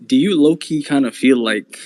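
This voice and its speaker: A man from Somalia talking calmly and thoughtfully in a casual podcast chat. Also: medium pitch, normal speed, no echo.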